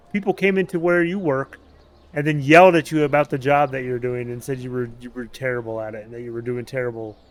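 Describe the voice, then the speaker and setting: Animated ranting male streamer. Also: fairly high pitch. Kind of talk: casual gameplay chat.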